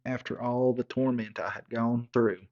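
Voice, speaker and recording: A man's voice: medium pitch, flat delivery, moderate pace, a little mellow. A man telling a rowdy, profane comic story in a rambling backwoods way, as a regular storyteller. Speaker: comedic storyteller. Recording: dull lo-fi recording.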